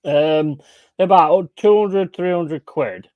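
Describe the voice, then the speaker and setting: A man's voice: a little high, slow pace, no echo, muffled recording. A man hosting a livestream, rambling and joking with his chat in a casual, banter-filled way and swearing now and then. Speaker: livestream host.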